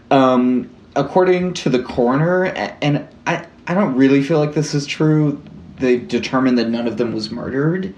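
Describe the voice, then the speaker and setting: A man's voice: mid-range voice, a little slow, a little mellow, roomy sound, dull audio. A young man co-hosting a podcast, telling a true-crime story in casual chat, rambling with lots of "like" and casual swearing. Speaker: podcast co-host.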